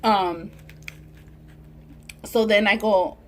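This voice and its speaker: A young Southern Californian woman who makes mukbang videos tells a story to camera, swearing freely and acting out the voices with animation. Her mid-range voice draws out words, and a faint hiss or hum is audible.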